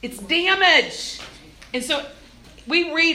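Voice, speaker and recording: A woman gives an animated church youth-group talk, putting on little voices as she goes. Her voice is medium-pitched at a moderate pace, and the echoey room carries slight background noise.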